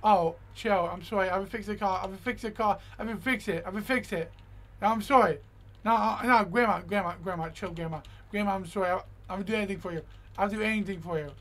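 A young man giving casual gameplay commentary as a gaming YouTuber. He is excitable, keeps talking to the game character, repeats himself, and says "yo" and "bro" a lot. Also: sits high, fast talker.

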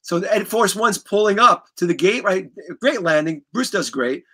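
Bright-voiced New man telling stories. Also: high-pitched, moderate pace, breathy edge. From New York. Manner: animated, profane, rambling with restarts. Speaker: guest musician. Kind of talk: casual storytelling.

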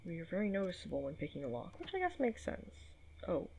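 A woman's voice: fairly low pitch, wildly swooping pitch, quick pace, a little mellow, slight background noise, low-quality recording. A woman casually commentating a game, chatty and swearing, reading in-game notes aloud. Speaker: gaming video host. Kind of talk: casual let's play commentary.

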